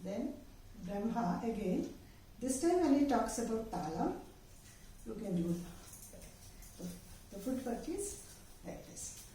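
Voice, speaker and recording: Woman walking you thru dance steps, higher mellow voice, kinda far off in a super echoey room. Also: very animated. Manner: patient, explanatory, pauses with fillers while demonstrating. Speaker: dance teacher. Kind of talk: step-by-step dance instruction. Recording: very echoey room, voice far from the mic, faint noise.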